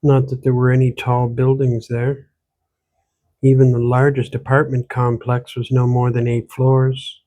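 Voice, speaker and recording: A man, the author, reading his own gothic horror novel aloud in steady, measured storytelling. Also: medium pitch. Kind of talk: audiobook narration.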